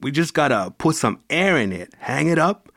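A man's voice: a little high, very animated, moderate pace, a bit bright, no echo, clean studio sound, exaggerated voice. A man voicing a firm, pushy father. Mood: firm, coaxing. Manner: firm, coaxing, sprinkled with Spanish words. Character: stern, pushy father of a young son. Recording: music playing behind the voice.

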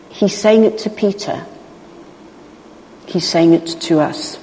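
A woman preaching a sermon, expressive, acting out the voices of people in the story. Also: fairly low pitch, takes it slowly, long pauses, a little hiss or hum. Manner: expressive, acts out Bible voices. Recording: long hall reverb.

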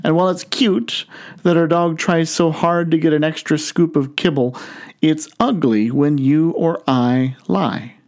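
Male pastor, fairly high voice, storytelling sermon, drawn-out words for emphasis. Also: darkish tone.

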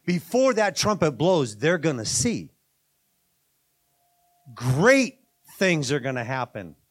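A man's voice: a little high, very animated, slow. A middle-aged man preaching a sermon, conversational, with emphatic bursts and asides. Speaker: pastor.

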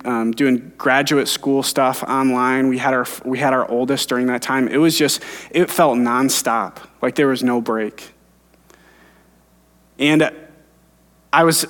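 A man in his thirties preaches with earnest, personal storytelling, at an everyday middle pitch. His voice carries the long reverb of a church sanctuary. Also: fairly bright tone. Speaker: pastor. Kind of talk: sermon.

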